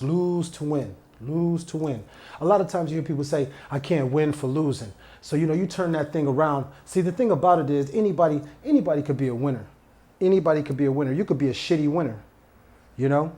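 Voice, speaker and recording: A man's voice: fairly high pitch, a little mellow. Guy doing a solo podcast, casual and chatty, keeps repeating stuff for emphasis, goes off on tangents. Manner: repetitive, emphatic, digressive street-casual talk. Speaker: podcast host. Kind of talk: solo motivational podcast monologue.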